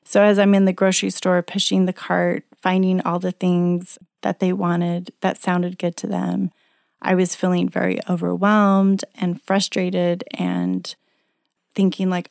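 A woman's voice: lowish voice, unhurried, gravelly, a little mellow, dry recording, studio quality. A middle-aged woman, a single mother, talking earnestly in a chatty, coaching motivational talk. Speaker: self-help speaker.

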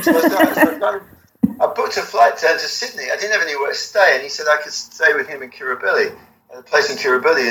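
A middle-aged man telling a rambling, animated story in an interview, swearing freely. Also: fairly high pitch. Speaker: album cover designer, guest. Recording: echoey room.

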